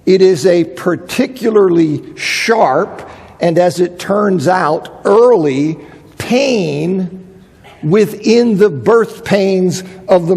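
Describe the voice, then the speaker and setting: A high-pitched man gives a Bible lecture with a gravelly, husky edge to his voice. He leans on repetition for emphasis, and his words ring with the long echo of a large hall. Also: a little mellow. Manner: emphatic, repeats phrases for emphasis. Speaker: Bible teacher.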